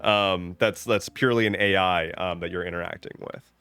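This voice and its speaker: A man's voice: sits low, fairly even intonation, moderate pace, sharp tone, clear, resonant tone. A man streaming live, reading out chat messages and answering in a rambling, joking way with many restarts. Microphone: webcam setup at home.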